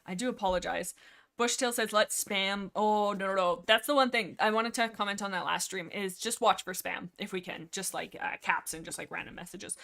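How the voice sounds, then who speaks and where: Rambling, excitable woman streamer. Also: mid-range voice, creaky. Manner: rambly, excitable, laughs often; reads and answers chat messages. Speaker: livestream host. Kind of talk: rambling casual livestream chat.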